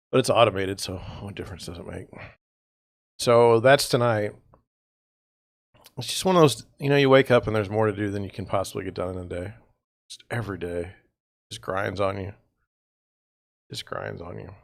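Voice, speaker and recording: A man with a low, gravelly voice hosts a casual real estate livestream. He rambles from gripe to gripe in an exasperated, sarcastic tone and sounds tired. The recording is dry and close, with no room echo. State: tired, yawning.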